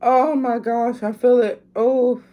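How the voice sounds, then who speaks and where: A woman's voice: a little high, steady tone, slow, phone-quality sound. A woman, a mother filming at home, chatting casually to her viewers and groaning with strain as she talks. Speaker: vlogger doing a drinking challenge.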